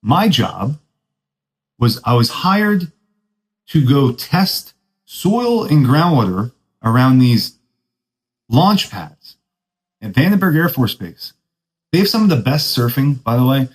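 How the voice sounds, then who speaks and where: Brief: young male podcast host, surfer-dude talk, very lively swooping pitch, self-mocking storyteller. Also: slow, pauses often, rough recording. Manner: laid-back surfer talk, says dude a lot; self-deprecating, laughs at his own stories. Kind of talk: casual storytelling monologue.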